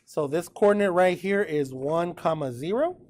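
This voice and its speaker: A man teaching a precalculus class in a relaxed, chatty way, often checking in with his students. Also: fairly high pitch, normal speed. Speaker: math teacher. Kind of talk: classroom lecture recorded with notes.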